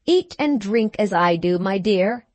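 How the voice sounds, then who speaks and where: A woman's voice: mid-range voice, lively intonation, measured pace, a little mellow, no echo, lo-fi sound, close to an everyday voice. A hearty, easygoing family man chatting over breakfast, as a woman reader puts him on. The voice stays close to her own, cheerful and homely, in a dry close recording. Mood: jovial. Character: jovial, hearty stepfather, good-natured eater.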